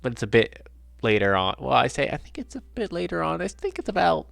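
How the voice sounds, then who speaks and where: A man's voice: on the high side, big pitch swings, brisk, vocal fry, fairly bright tone, no echo. A man hosting a let's play, chatting casually and sarcastically with heavy swearing. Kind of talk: casual gaming commentary.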